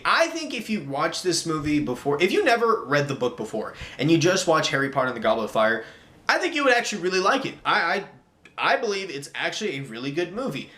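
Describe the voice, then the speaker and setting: A young man giving a casual spoken movie review, animated and exasperated, saying "like" a lot. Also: on the high side, reverberant.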